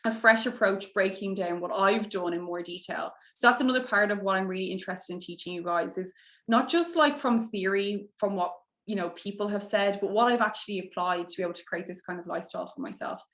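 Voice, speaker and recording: A woman's voice: mid-range voice, a little fast, fairly bright tone. Emotional woman coach in an echoey room. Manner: heartfelt, gets emotional, breaks into tears and laughter. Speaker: mindset coach hosting a masterclass. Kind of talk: live online sales pitch.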